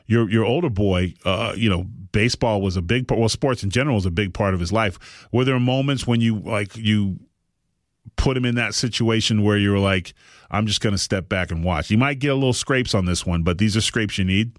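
A man hosting a podcast, telling a long story in casual chat, animated and rambling with frequent restarts. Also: on the low side, fairly quick, no echo, clean studio sound. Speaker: podcast host.

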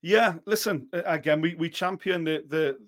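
A man co-hosting a boxing talk show, chatting casually in a blunt, animated way and swearing freely. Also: on the high side, normal speed. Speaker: boxing podcast co-host. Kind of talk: casual chat.

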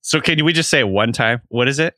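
A man co-hosting a sports podcast in a playful, teasing way, quick to laugh. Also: medium pitch, sharp tone, no room sound, studio quality. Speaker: podcast co-host. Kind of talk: casual sports podcast banter.

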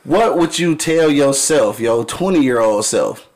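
A man's voice: mid-range voice, lively intonation, slow pace, a little mellow. A man hosting a casual live radio show, loose and profane, laughing often.

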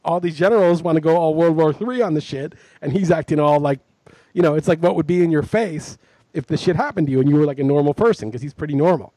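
A man's voice: on the high side, fast, dark tone, no echo. A man co-hosting a podcast in casual chat, telling long, rambling, self-mocking stories. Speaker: podcast co-host.

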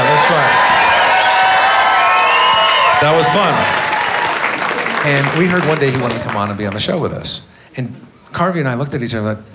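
Dry-witted man doing stand-up. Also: mid-range voice. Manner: dry, deadpan delivery with bursts of mock defiance. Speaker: stand-up comedian. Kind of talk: stand-up storytelling. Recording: live stand-up with loud crowd laughter. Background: loud audience laughter and noise.

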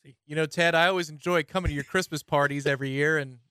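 A man's voice: on the high side, fairly even intonation, quick pace, pushed and bright, clear, resonant tone, no room sound, clean studio sound. A man playing a forced-cheery party guest. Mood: forced cheer. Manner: chatty, rambling.

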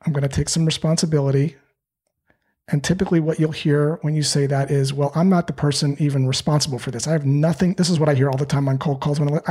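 A man's voice: on the high side, a little mellow, husky. A man who trains salespeople, answering podcast interview questions and acting out cold calls in quoted voices.

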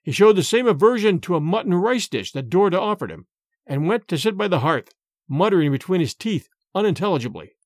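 A man narrating a story in a measured, expressive way. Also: high-pitched, no echo, studio quality. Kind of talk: storytelling reading.

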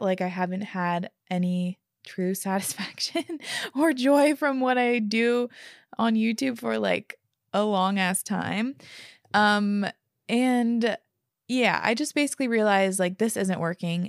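A woman's voice: on the low side, no echo. Young female vlogger, candid, chatty, lots of filler, dry close sound. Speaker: YouTuber. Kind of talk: casual confessional storytelling.

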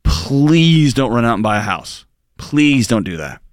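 A man's voice: medium pitch, big pitch swings, measured pace, dry recording. Guy cohosting an advice show, earnest, leans hard on his points, dry close mic. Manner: earnest, emphatic, joking banter. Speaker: radio show co-host. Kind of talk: advice talk show chat.

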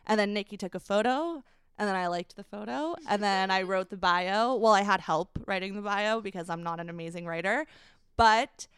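A young woman, a company founder, telling an emotional personal story as a podcast guest, halting with many fillers. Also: mid-range voice, a bit bright, smooth, dry recording, clean studio sound. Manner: halting, many fillers, laughs while recounting.

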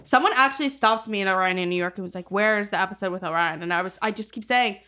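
A woman's voice: medium pitch, fast talker, pushed and bright. A young woman co-hosting a podcast, talking casually and rambling with frequent "like" and swearing. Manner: rambling, heavy use of "like", swears freely. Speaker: podcast co-host. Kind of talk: casual chat.

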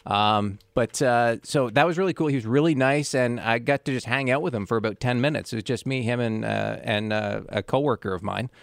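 A man's voice: mid-range voice, brisk, creaky, hardly any pauses, dry recording, clean studio sound. A man co-hosting a radio show, telling stories eagerly with lots of hesitant fillers. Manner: eager storyteller, many fillers. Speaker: radio co-host. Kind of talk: casual radio chat.

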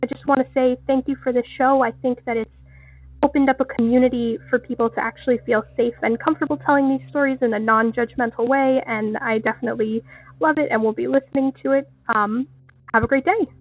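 A woman's voice: high voice, fairly even intonation, quick pace, breathy edge, no echo. A woman from Maine, calling in on a phone line and telling a family story in an earnest, chatty way with fillers. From Maine, USA. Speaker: caller. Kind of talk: voicemail story call. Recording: phone-line audio, faint music.

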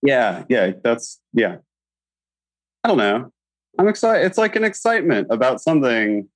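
A man's voice: mid-range voice, very animated, moderate pace, no room sound. A man taking part in an online class over a video call, hesitant and searching for words. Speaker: class participant.

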